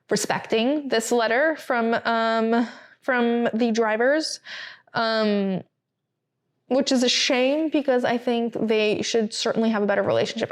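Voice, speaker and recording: Chatty woman podcast host, higher voice. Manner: chatty and animated, with filler words and laughs. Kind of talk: casual chat, reading a statement aloud.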